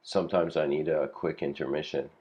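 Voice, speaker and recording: Man, very deep voice, casual lecture, rambling parable, lots of "you know", chuckles. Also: fairly even intonation, fairly quick, muffled recording.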